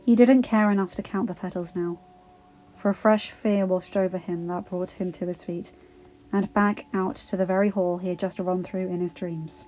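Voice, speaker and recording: A woman reading a fanfiction story aloud with expressive, dramatic narration. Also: on the low side, normal speed, dull audio, soft background music. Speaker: fanfiction reader.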